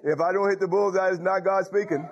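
A man's voice: steady tone, fast, dull audio, a faint crowd, a little hiss or hum. A middle-aged male pastor preaching an emphatic sermon, calling out "Hallelujah" and questions to the congregation. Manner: emphatic preaching, frequent "Hallelujah" and "Huh?" asides, wide swings in pitch.

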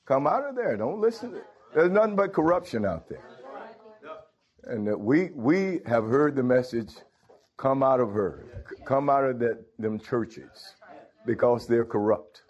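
A man preaching a sermon in an emphatic manner, rising often into high, ringing exclamations of praise. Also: expressive, a little slow, darkish tone, slightly rough. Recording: dull lo-fi sound.

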